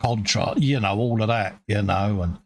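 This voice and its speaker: A man's voice: on the low side, moderate pace. A British man co-hosting a live painting stream, chatting casually and agreeably with plenty of fillers. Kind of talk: casual chat while painting.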